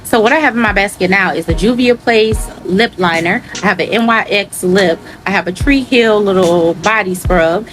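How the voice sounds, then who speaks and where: A young adult woman, a teacher, animatedly retelling an incident in a storytime vlog, acting out the dialogue in a higher voice. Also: normal speed, few pauses, fairly bright tone, faint music behind.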